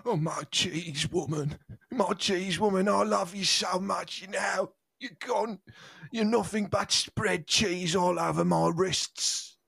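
A man in an improv comedy show playing a crude, gruff actor who plays a lonely cheese sculptor, in a coarse, mumbled voice. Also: on the high side, lively intonation, normal speed, fairly bright tone, exaggerated voice. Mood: mournful. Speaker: improv player.

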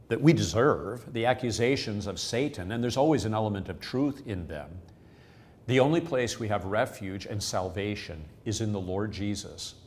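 A man's voice: lowish voice, darkish tone. A man hosting a devotional podcast, explaining a Bible passage in an earnest, explanatory way and repeating key phrases. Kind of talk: scripture teaching.

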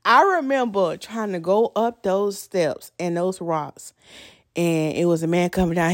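A young woman, hosting a podcast and telling a story in a chatty, animated way. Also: on the low side, measured pace, no room sound, clean studio sound. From North Carolina. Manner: chatty, animated, addresses listeners as y'all. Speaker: podcast host. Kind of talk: casual storytelling monologue.

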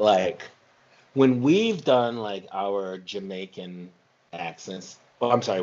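A man co-hosting a casual chat, rambling and animated with lots of fillers. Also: fairly low pitch. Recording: dull lo-fi recording.

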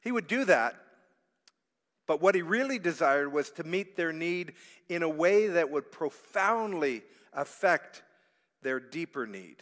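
A man preaching a sermon as pastor, swinging between hushed reflection and loud, pleading passages. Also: fairly high pitch, expressive, a little slow. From Canada. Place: church sanctuary. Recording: church hall reverb.

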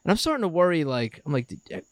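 Male podcast co-host, thirties, animated storyteller, slightly higher voice, dry mic. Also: racing, no room sound. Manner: animated storyteller, acts out a child's voice in quotes. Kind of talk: casual storytelling chat.

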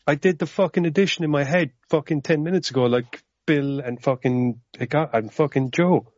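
A man's voice: fairly high pitch, moderate pace, a little mellow, no room sound, muffled recording. A man co-hosting a podcast, casually reviewing a horror film, rambling and swearing as he retells the plot. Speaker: podcast co-host. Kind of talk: casual movie review chat.

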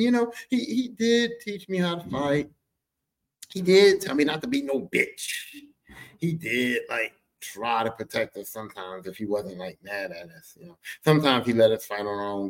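A man telling a family story on his podcast, profane, slangy and animated. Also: medium pitch. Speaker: podcast host. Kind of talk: comic storytelling.

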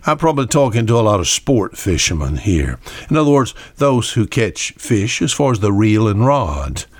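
A man's voice: fairly low pitch, very animated, normal speed, dry recording. Older male radio preacher, conversational and folksy, dry close sound. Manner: folksy, conversational, repeats key words for emphasis. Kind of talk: radio sermon.

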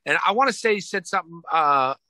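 A man's voice: a little high, expressive, fast talker, sharp tone, dry recording. A young adult man, a musician guest, chatting casually and telling stories with swearing and laughter. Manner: loose, profane, laughing storyteller. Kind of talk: casual chat.

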